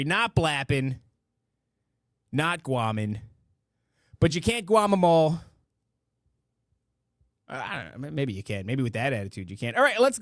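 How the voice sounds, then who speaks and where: A middle-aged man hosts a live-stream show in a loose, rambling way, full of restarts and asides. His voice sits a little high for a man. The sound is dry, with no room echo. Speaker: podcast host reading donations and chat. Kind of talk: casual live-stream chat.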